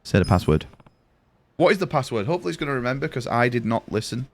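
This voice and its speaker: His pitch swings widely and there's vocal fry in his mid-range voice as he talks quickly. The young man is live-streaming a game, casually rambling and swearing through stories for his friends.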